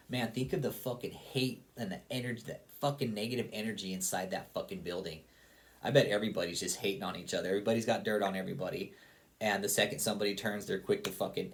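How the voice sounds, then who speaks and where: A man with a fairly low voice rants in a casual, heated way, full of swearing. He keeps hammering the same points over and over, as if talking straight to his audience. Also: steady tone, fast. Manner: heated, profane, repetitive. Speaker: online commentator. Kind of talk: casual profane rant.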